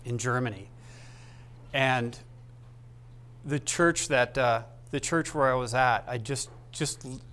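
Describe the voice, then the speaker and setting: A man preaching a sermon as pastor, speaking haltingly and with feeling, with many restarts, into a microphone. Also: mid-range voice, a bit bright.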